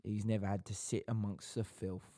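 A man with a low, deep voice chats and teases on a podcast, leaning into mock-dramatic asides. He sounds close to the mic in a dry, dead room, a home office setup. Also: flat delivery, normal speed, dark tone, no room sound. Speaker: podcast co-host. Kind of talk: casual chat. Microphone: podcast microphone.

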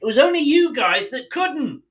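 Fired-up, high-voiced Englishman ranting. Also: big pitch swings, normal speed, low-quality recording. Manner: indignant, sweary, speaks straight at the club owners. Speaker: football fan podcast host. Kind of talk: solo podcast rant.

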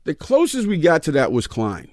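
Comedian guest, male, lively raconteur, higher-than-average pitch, dry studio sound. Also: normal speed, dry recording. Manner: animated storyteller, acts out voices in quotes. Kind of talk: casual storytelling interview. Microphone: studio mic, dry garage room.

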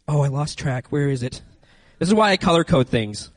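A man preaching a lively, conversational sermon into a handheld microphone, speaking directly to his listeners. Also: on the high side, brisk, no room sound, poor audio. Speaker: youth preacher. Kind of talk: lively sermon with acted-out scenes.

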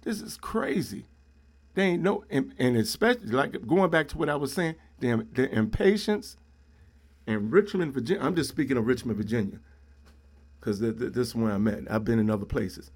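A man's voice: medium pitch, lively intonation, normal speed. A middle-aged man hosting a solo podcast, ranting in a blunt, preachy way and leaning on "man" and "yo". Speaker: podcast host.

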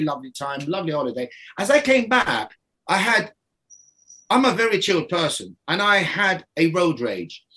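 A man's voice: high-pitched, bright, forceful tone. A man speaking as a guest, telling his story in a rambling, casual way, often restarting and laughing.

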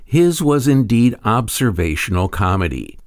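Lively low-voiced documentary narrator. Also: male voice, moderate pace, no room sound, clean studio sound. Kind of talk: scripted narration.

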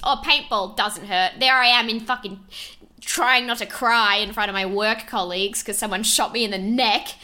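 A young woman, chatting casually on a podcast, swearing often and laughing as she tells stories. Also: fairly high pitch. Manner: swears a lot, laughs often, animated storytelling.

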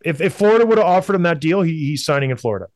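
A man's voice: a little high, lively intonation, racing, darkish tone, dry recording. A man from Canada, a show co-host, giving blunt, emphatic opinions in sports talk and repeating points for effect. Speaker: hockey podcast co-host.

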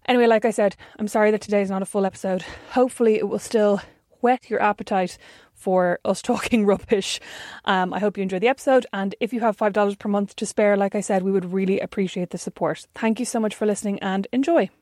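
A woman co-hosting a chatty podcast with her sister. She talks in a loose, self-deprecating way and laughs often. Her voice sits at a middle pitch and is recorded dry and close. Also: steady tone, quick pace, few pauses, a little mellow, no room sound. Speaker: podcast co-host. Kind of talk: casual chat.

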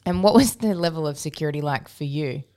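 Chatty Australian woman, lowish voice. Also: quick pace. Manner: chatty, animated storytelling. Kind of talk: casual radio chat.

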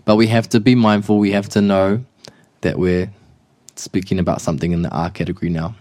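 A man with a New Zealand accent and a fairly low voice walks a learner through grammar, patient and repeating examples. The sound is dry and close, with little room around it. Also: flat delivery, fairly quick, darkish tone, dry recording. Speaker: te reo Māori teacher. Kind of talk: casual language lesson.

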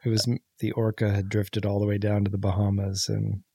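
A man's voice: lowish voice, completely flat delivery, a little fast, gravelly, warm tone, husky, no room sound. A man co-hosting a comedy podcast, chatting casually and riffing playfully. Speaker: podcast co-host.

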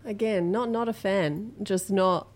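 Young woman, medium pitch, producer, hesitant and noncommittal. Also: measured pace, darkish tone. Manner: hesitant, noncommittal short answers. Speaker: podcast producer. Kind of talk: casual chat.

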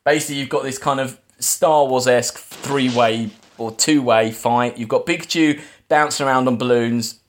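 A man's voice: medium pitch, moderate pace, hardly any pauses, a little hiss or hum. A man hosting a casual film podcast, rambling through a plot recap with lots of fillers and restarts. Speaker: podcast host.

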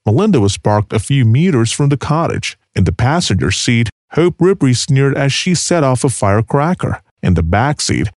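A man narrates a grim true story, reading with drama and expression. His mid-pitched voice rises and falls a great deal, and his delivery sounds animated. The sound is dry and close to the mic, with no room echo.

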